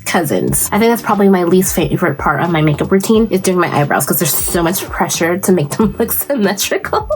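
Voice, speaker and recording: A woman's voice: on the low side, big pitch swings, fairly quick, hardly any pauses, faint music behind. A woman in her thirties chatting casually while doing her makeup, telling a story and jumping into quoted voices as she goes. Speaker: beauty vlogger. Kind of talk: casual get-ready-with-me chat.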